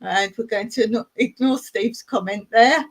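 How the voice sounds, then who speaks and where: A woman's voice: a little high, a little slow, breathy edge. A woman from England hosting a casual live stream, chatting and giggling as she reads out viewer comments. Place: home in rural Cyprus.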